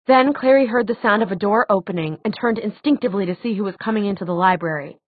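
A woman reading a novel aloud as an audiobook narrator, steady and expressive. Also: mid-range voice, quick pace, dry recording. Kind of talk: scripted narration. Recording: tinny phone-like dry sound.

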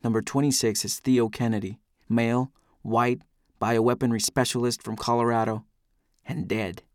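A man's voice: mid-range voice, little pitch movement, moderate pace, no room sound, studio quality. A man giving an intense, brooding first-person audiobook narration.

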